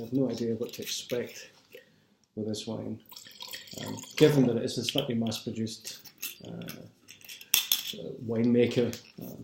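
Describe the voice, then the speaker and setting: A man's voice: lowish voice, gravelly, noisy background. A man with a Scottish accent talks casually at home as a wine and film vlogger, rambling with many fillers and restarts. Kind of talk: casual chat. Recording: roomy echo.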